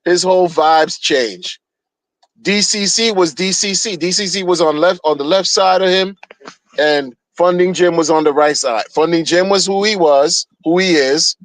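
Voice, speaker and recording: A man talking straight into a streaming mic, ranting in a blunt, casual way with lots of slang. He circles back and repeats himself as he goes. His voice sits on the higher side, and the sound is dry with no room echo. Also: moderate pace.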